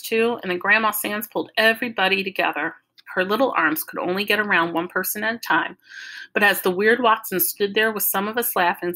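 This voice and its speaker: Bright-voiced woman reading a novel. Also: medium pitch, low-quality recording. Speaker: audiobook reader.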